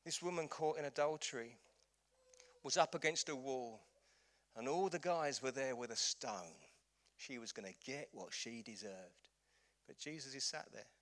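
A man's voice: mid-range voice, measured pace, a bit bright. A man preaching a sermon as pastor in a church, urging his listeners with rhetorical questions and passionate appeals.

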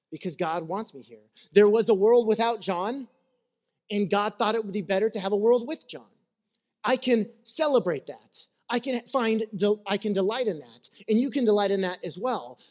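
Man, pastor, lively conversational sermon with acted-out anecdotes. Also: sits high. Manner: animated storyteller, acts out little scenes; conversational, checks in with listeners.

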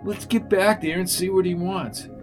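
A man's voice: high-pitched, steady tone, moderate pace, faint music behind, pitched above the performer's own voice, lightly acted. A man reading aloud as a practical woman colleague who coaxes and advises. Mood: coaxing.

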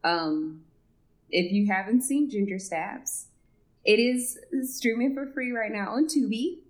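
Slow, halting young woman. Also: on the high side. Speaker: podcast co-host. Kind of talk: casual film discussion.

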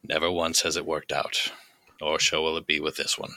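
A man's voice: very deep voice, level tone, normal speed, bright, forceful tone, no room sound, exaggerated voice. A man voicing a stern mystic who solemnly refuses an offer.

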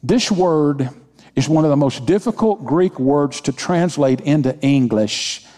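A man's voice: a little high, expressive, a little slow, mellow. Emphatic preaching man in a reverberant hall. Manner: emphatic preaching with repeated phrases and call-and-response. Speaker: senior pastor. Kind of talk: sermon. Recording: long reverb of a large hall.

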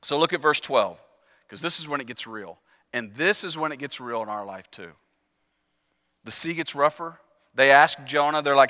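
A man's voice: mid-range voice, expressive, normal speed, pauses often, sharp tone. A man preaching a sermon in a conversational, self-deprecating storytelling way, asking the congregation to repeat after him. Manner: urges the congregation to repeat phrases. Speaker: pastor. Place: church sanctuary. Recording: reverberant church sanctuary.

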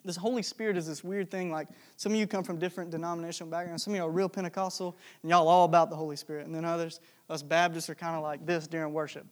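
A young man preaching a sermon in a relaxed, storytelling way, chatty and joking with lots of fillers. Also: a little high, fast talker, few pauses. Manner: conversational, jokey, with many fillers.

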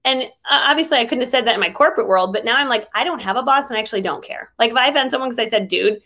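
A chatty woman with a fairly high voice talks as a guest in a relaxed interview. She fills her speech with easygoing fillers and quick laughs. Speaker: interview guest, online trainer. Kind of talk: casual conversational interview.

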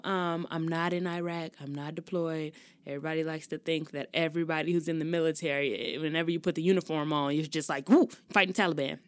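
Young woman, podcast host, casual slangy chat, animated, lowish voice, dry close sound. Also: no room sound. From Chicago, US Midwest. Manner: chatty, animated, laughs often, slangy.

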